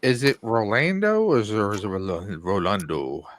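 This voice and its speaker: A man's voice: on the low side, racing. A man in his forties chatting casually on a stream, jokey and full of stories. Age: 40s. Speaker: guest on stream. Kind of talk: casual chat.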